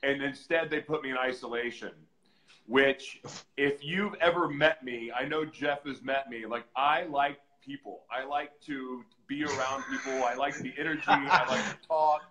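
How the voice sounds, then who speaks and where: A man speaks as a guest on a live podcast, candid and earnest as he tells his own story. His voice is bright and forceful, and he leans hard into the retelling. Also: mid-range voice, normal speed, poor audio. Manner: earnest, animated, acts out shouted voices in retelling. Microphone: live stream, reads comments on screen.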